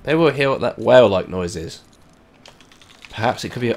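A man giving rambling, self-mocking let's play commentary that breaks into loud, excited yells and swearing. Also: medium pitch, a little fast, vocal fry, pauses often. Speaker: gaming channel host.

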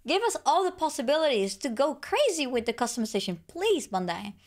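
Young woman, hoarse from illness, lively and exclamatory, fangirling on camera. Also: high voice, fairly quick. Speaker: gaming video creator. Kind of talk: excited video reaction.

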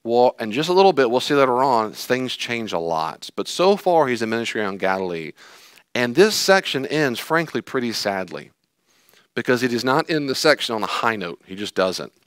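A man preaching a sermon, animated, acting out quoted figures with sighs and sudden swings up and down. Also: mid-range voice, moderate pace, clean tone, no echo. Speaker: pastor. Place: church hall.

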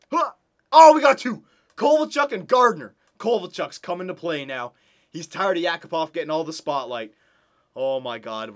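Excitable man commentating a hockey game. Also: medium pitch. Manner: emotional, pleading with the team, bursts into excited yelling.

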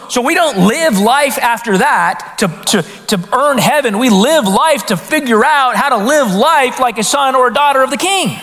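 A man delivering a sermon from the pulpit, his voice pitched high and swinging widely as he talks straight to the congregation. He peppers his preaching with quick questions and stumbles into restarts. The sanctuary adds a long, ringing reverb. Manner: animated, conversational preaching with frequent restarts and rhetorical questions. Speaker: pastor. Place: church sanctuary. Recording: hall reverb in a church.

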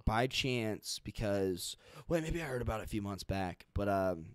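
Young dude guesting on a podcast, rambly and jokey, lots of likes, dry sound. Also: male voice, fairly low pitch, lively intonation, normal speed, clean tone, no echo. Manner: rambling, filler-heavy, jokey. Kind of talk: casual chat.

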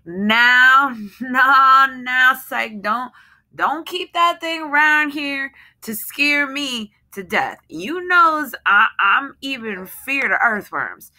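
A woman's voice: lowish voice, slow pace, pushed and bright. A woman voicing a frightened, bitter wife who pleads and accuses in heavy dialect. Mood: terrified pleading. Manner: pleading, then cold and hard. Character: frightened, bitter Southern washerwoman, adult.

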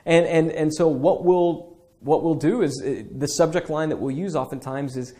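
A man's voice: on the high side, expressive, fairly quick, warm tone. A man teaching email marketing in a casual spoken lecture, talking conversationally with many fillers and acting out sample emails.

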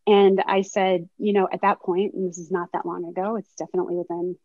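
A woman's voice: on the low side, level tone, brisk, dry recording. A woman in her thirties speaks as a guest on a webinar panel, recounting her career in a candid, reflective way. Her audio comes over a video call and sounds dry and slightly dull, with no room around it. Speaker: sports agent, panel guest. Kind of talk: webinar conversation, storytelling.

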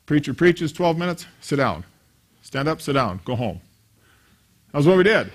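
Man in his fifties, sermon, fairly high voice, storytelling, acts out characters. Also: sing-song, normal speed, pauses often. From grew up attending a small country church. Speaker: pastor.

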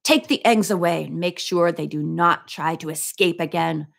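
A cold, sarcastic man of the underworld bites off every order in a sharp, mocking tone, as a woman reading a storybook puts him on. He sounds sure of his power and scornful of his captives. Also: medium pitch, moderate pace, lightly acted. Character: cold sarcastic adult male villain.

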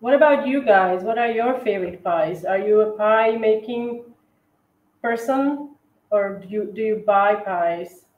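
A woman's voice: mid-range voice, a little slow, narrow, tinny audio. A woman hosting a decorating livestream, chatting casually with many fillers and self-corrections. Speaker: cookie decorating livestream host. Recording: echoey room.

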